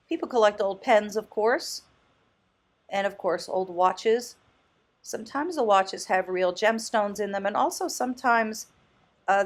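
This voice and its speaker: A chatty woman thrift vlogger with a mid-range voice, talking in a casual, off-the-cuff way. She muses aloud, exclaims with delight and laughs easily as she goes along. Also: mid-range voice. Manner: muses aloud, thinking out loud. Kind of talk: casual vlog commentary.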